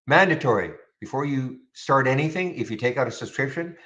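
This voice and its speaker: The host of a live day-trading room talks in a brisk, animated way, his mid-range voice fairly bright. He chats casually, reasons aloud and often begins his sentences again. The stream's sound is lo-fi and somewhat dull.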